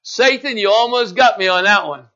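A man's voice: high voice, normal speed, bright, forceful tone. A man voicing an eager, devoted male disciple who pleads fervently with his Lord, in a slightly muffled sermon recording. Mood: startled. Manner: fervent, pleading, stammering when scared.

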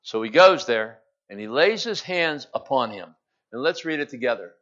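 A male preacher giving an animated, dramatic sermon and acting out scripture, in a slightly muffled recording. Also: mid-range voice, moderate pace.

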